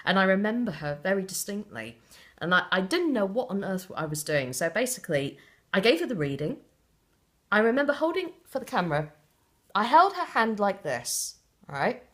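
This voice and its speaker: A woman from South West England telling stories in a casual interview, animated and theatrical, often laughing as she talks. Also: medium pitch, moderate pace. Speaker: interview guest.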